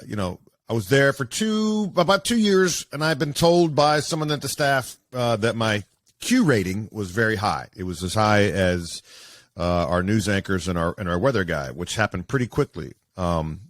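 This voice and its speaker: Low-voiced guy telling old sportscaster stories, lively, lots of um and you know, dry sound. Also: a little slow, no echo. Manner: animated, acts out quoted voices, many fillers. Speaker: guest, sportscaster. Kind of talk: casual storytelling interview.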